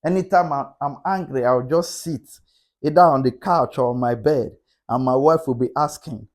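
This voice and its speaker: A man's voice: medium pitch, normal speed. A middle-aged man giving a motivational talk on relationships, repeating key points with a preacher-like cadence. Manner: repetitive, emphatic, preacher-like cadence. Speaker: relationship speaker.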